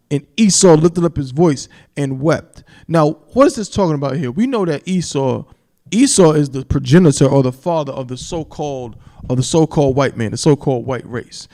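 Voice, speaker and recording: A man teaching from the Bible on a live stream, emphatic, repeating "you understand?" and slowing down to stress key words and scripture. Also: a little high, lively intonation, warm tone. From New York. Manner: reads scripture in a slow, solemn cadence.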